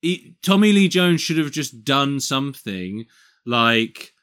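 A man's voice: medium pitch, big pitch swings, slow, fairly bright tone. A man co-hosting a podcast, animatedly retelling a film's plot in casual chat and swearing freely. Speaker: podcast co-host. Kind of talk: casual film-review chat.

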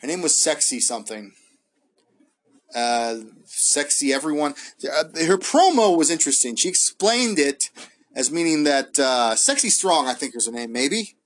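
Solo host, male, rambly casual review, lots of ums and restarts, voice sits a bit high. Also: lively intonation, moderate pace. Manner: rambling, hesitant, many fillers and restarts, laughs often. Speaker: wrestling podcast host.

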